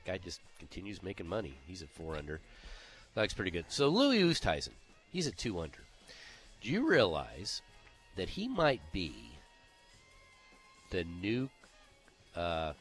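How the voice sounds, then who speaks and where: Co-host, male, very low voice with a bright forceful edge, relaxed leaderboard chat, faint music underneath. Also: moderate pace, pauses often. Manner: runs down leaderboard, conversational with fillers. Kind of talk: casual golf chat.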